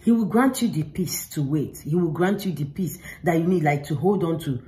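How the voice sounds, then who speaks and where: A woman's voice: low-pitched, animated, normal speed, dark tone, low-quality recording. A woman talking straight to the camera, giving earnest, informal faith advice and repeating herself for emphasis. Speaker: faith vlogger.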